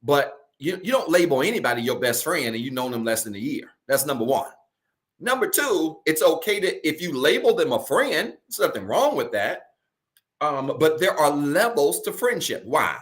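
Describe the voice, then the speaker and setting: A male pastor preaching a sermon to a virtual congregation from home, colloquial, often calling his listeners y'all, slowing down to stress key phrases and rushing through asides. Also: a little high, sing-song. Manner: preaching with slow emphatic stretches and quick asides.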